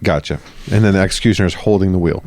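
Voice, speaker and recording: A man co-hosting a casual history podcast, asking questions and joking in an animated way. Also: low-pitched, very fast, no echo. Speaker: podcast co-host.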